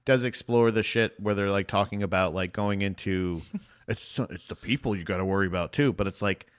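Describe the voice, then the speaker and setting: A man's voice: lowish voice, normal speed, clean tone. A man co-hosting a movie podcast, chatting casually, rambling and restarting his sentences. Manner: rambling, restarts often, profane. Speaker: podcast co-host.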